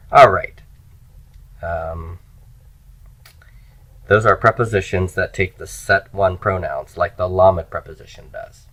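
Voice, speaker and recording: A man's voice: low voice, normal speed, pauses often, sharp tone, poor audio. A man teaching Hebrew grammar in a recorded lecture, explaining step by step and chanting word forms for students to repeat.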